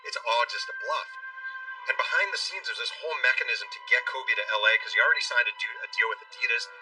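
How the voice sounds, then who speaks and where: A man, an author guest on a talk show, telling a story at a brisk pace and acting out what people said. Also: medium pitch, expressive, sharp tone. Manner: brisk storyteller who acts out quotes. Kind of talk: interview storytelling. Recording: distant mic, faint music behind.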